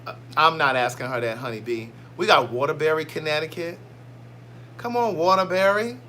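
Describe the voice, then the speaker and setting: A man's voice: fairly high pitch, normal speed, sharp tone, a little hiss or hum. A man hosting a casual livestream, chatty and playful as he reads out viewer comments. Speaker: livestream host.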